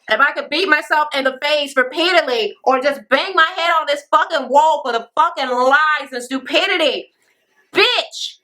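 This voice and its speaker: A woman's voice: high voice, bright, forceful tone. A woman recapping a reality show in a blunt, profane rant, mimicking the people she quotes.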